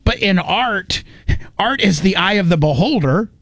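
Male host, casual chat, emphatic, a touch high, dry recording. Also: lively intonation, unhurried, fairly bright tone, dry recording. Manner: blunt, rambling, emphatic.

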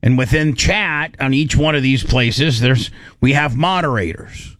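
Host, male, mid-pitched, rambling and casual, close dry mic. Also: fairly bright tone, dry recording. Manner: rambling, restarts often, slows to stress points. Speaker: radio show host. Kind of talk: casual on-air talk.

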